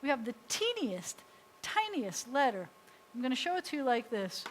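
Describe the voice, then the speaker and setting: An American woman, a rabbi, teaching a beginners' Hebrew class in a lively, chatty way. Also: high-pitched, moderate pace, rough recording. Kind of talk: classroom lesson. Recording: faint hiss.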